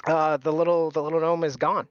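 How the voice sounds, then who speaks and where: A man's voice: on the high side, flat delivery, fairly quick, clean tone, no echo. A man running a tabletop game as game master, narrating casually with many fillers. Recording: dull, dry recording.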